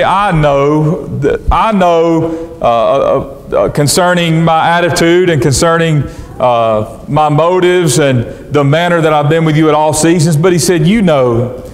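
A man preaching a sermon as pastor, reading scripture in old-fashioned wording and restarting phrases as he goes. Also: on the high side. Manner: preaching in King James wording with frequent restarts. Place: church sanctuary. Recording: long church reverb.

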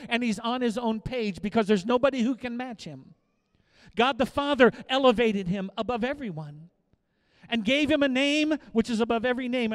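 The speaker is a pastor, a middle-aged man with a high pitch, giving a sermon. His delivery swings from soft, confiding remarks up to loud declarations he repeats for emphasis.

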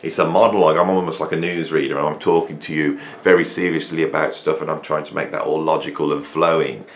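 A man talking casually to camera from his home garage, animated and rambling, often repeating himself and restarting phrases. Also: a bass voice, fast, slight background noise. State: hot and sweaty. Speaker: drummer and producer talking to camera. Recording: echoey garage room.

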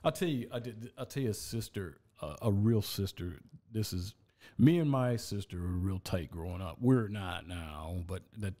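A man telling an animated story as a podcast guest in a studio, laughing as he goes. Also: on the low side, normal speed, few pauses. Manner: animated storyteller, laughs through his tale. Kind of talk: casual storytelling.

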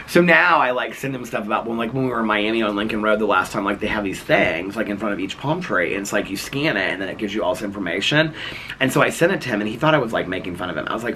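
A man's voice: on the low side, lively intonation, a little fast, pushed and bright, slight background noise. A man chatting playfully to his viewers while vlogging outdoors at home in the evening, rambling and laughing as he talks. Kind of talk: casual chat to camera.

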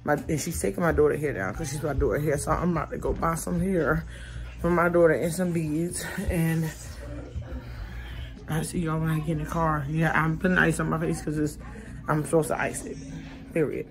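Low-voiced woman vlogging with a stiff jaw. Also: level tone, normal speed. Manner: chatty, rambling, talks straight to viewers. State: stiff jaw after tooth extractions, can't open mouth fully. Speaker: vlogger and mother. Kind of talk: casual chat to viewers. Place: at home, later in a parked car.

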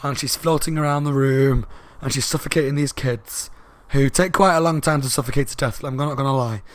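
A man giving a casual spoken book review, talking fast and loud and rambling along with asides. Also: medium pitch, no echo.

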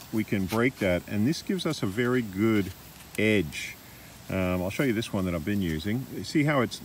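A middle-aged Australian man with a lowish voice talks through a foot massage demonstration outdoors. He speaks casually, with plenty of fillers. Faint outdoor ambience sits behind him. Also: a little hiss or hum. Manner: relaxed, chatty, with fillers. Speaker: massage teacher. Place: park outdoors.

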